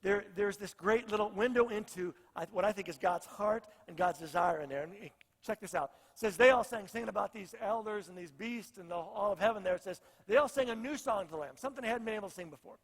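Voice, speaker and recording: A male pastor delivers an earnest sermon, driving points home by repeating his phrases. His voice sits fairly high. The sound carries a long reverb, as in a church sanctuary. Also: fast.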